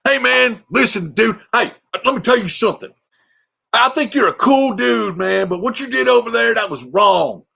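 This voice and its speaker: A man putting on a high, loud voice for a chummy police sergeant who scolds with a drawl. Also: lively intonation, moderate pace, creaky, breathy edge, heavily acted. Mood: scolding. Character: loud laid-back male police sergeant, older.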